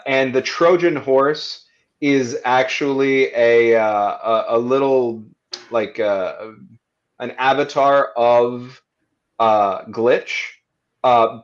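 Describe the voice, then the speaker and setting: A man narrating his character's actions in a tabletop role-playing stream, halting with many fillers and restarts. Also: medium pitch, highs cut off. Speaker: player.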